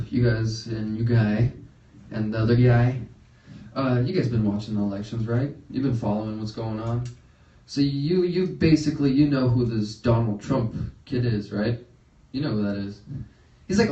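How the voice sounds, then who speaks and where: A young man doing a stand-up set, laughing at his own jokes and jumping into high yelps when he acts out his reactions. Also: mellow, highs cut off. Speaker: stand-up comedian. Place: comedy studio stage. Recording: roomy, picked up from a distance.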